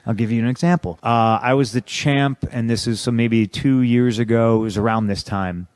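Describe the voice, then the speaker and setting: A man's voice: medium pitch, fairly even intonation, moderate pace, a little mellow, smooth, dry recording. A man in his thirties from the United States, a professional wrestler telling an interviewer his story in blunt, profane, griping casual talk. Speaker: interview guest, pro wrestler.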